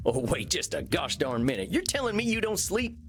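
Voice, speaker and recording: Game role: a homespun therapist, higher voice with bouncy swings. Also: male voice, huge pitch swings, fairly quick, slight background noise. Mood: folksy. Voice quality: folksy drawl. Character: folksy easygoing male cowboy therapist. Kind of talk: video game voice acting.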